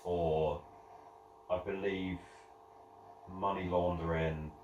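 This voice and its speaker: A man's voice: low-pitched, fairly even intonation, takes it slowly, darkish tone, highs cut off. A young man, chatting on a podcast, opinionated and swearing casually. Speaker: podcast co-host. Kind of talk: casual chat. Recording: echoey room, mic at a distance, faint noise.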